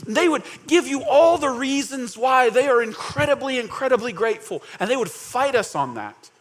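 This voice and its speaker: A man with a notably high voice preaches a sermon. He keeps it conversational, asking the congregation questions and acting out little scenes with quoted voices. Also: lively intonation, normal speed. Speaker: pastor.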